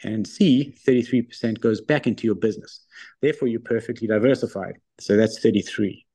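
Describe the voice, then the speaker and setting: A man's voice: on the low side, mellow, breathy edge. A middle-aged man, a company founder, telling stories with confidence as a guest in a casual interview. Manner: confident, brisk anecdotal storytelling. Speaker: guest, wealth firm founder.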